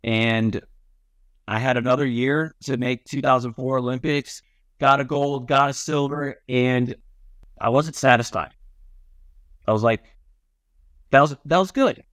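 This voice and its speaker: A man from upstate New York, a podcast guest, telling stories in a relaxed way with lots of ums and likes. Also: mid-range voice, a little slow, long pauses, no room sound, clean studio sound. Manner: laid-back, many ums and likes. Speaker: podcast guest, former Olympic swimmer. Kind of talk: casual storytelling chat.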